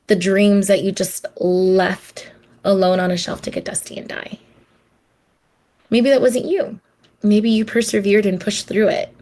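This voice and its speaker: A woman with a darkish, mid-range voice hosts her own podcast. She reflects in a heartfelt, conversational manner and acts out the voices of the people she quotes.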